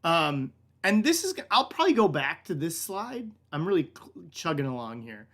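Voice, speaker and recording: A man's voice: a little high, sing-song, moderate pace, a bit bright. A man hosting a casual online wine lesson, rambling and laid-back, full of "like" and "um", calling his listeners "man". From United States. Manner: rambling and filler-heavy, lots of "like", "kinda" and "um". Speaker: wine shop director hosting a tasting class.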